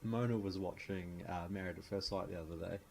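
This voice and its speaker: A man's voice: low-pitched, fairly even intonation, brisk, gravelly, a little mellow, a little hiss or hum. A man, co-hosting a podcast in a casual, joking chat and ranting about reality shows. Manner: jokey, ranting, acts out quotes in mock voices. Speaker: podcast co-host.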